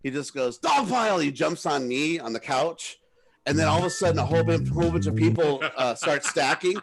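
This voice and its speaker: A middle-aged man co-hosting a podcast, telling party stories in a rambling, animated way and shouting out the lines he quotes. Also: a little high, brisk, gravelly. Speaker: podcast co-host. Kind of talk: casual storytelling.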